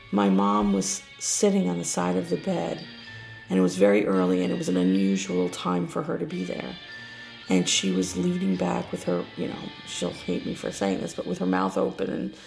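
A woman recounts a personal story for a podcast with a low, heavily gravelly voice. She talks in a hushed, earnest way and slips toward a whisper at the quiet parts, with faint music playing behind her. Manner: gravelly, hushed, drops to a whisper at tense moments. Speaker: guest storyteller.

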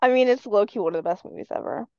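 Woman co-host, casual and opinionated, mid-pitch, dry and slightly dull recording. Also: warm tone, clean tone, no room sound. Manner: opinionated, quick to reject slang she dislikes. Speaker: podcast co-host. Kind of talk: casual chat.

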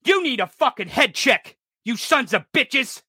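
A man's voice: very high-pitched, big pitch swings, a little slow, pushed and bright, husky, dry recording, clean studio sound. Furious profane man ranting in his thirties. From rural United States. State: enraged. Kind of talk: angry political rant.

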